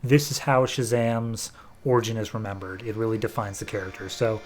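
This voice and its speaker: Podcast host, casual and chatty, reviewing comics. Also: male voice, fairly low pitch, brisk. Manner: relaxed, chatty, frequent fillers.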